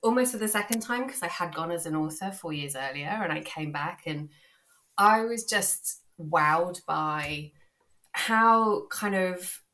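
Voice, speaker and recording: Low-voiced British woman, chatty. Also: lively intonation, unhurried, sharp tone. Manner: enthusiastic, rambling with restarts. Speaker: guest author. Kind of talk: casual podcast chat.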